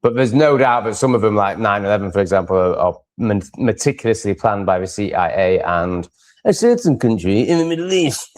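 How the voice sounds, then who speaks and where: A man's voice: fairly low pitch, lively intonation, moderate pace, darkish tone. Rambling man hosting a live stream. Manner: rambling and opinionated, with many fillers and restarts. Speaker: livestream host. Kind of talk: casual live-stream chat, reading out viewer comments.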